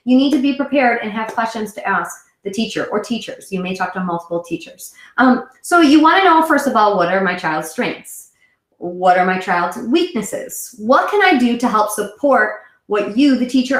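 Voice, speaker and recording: 30s mom hosting a live web show, rambly chatty talk, mid pitch, kinda echoey room. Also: female voice. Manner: chatty, rambling, self-correcting. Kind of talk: casual solo chat to camera.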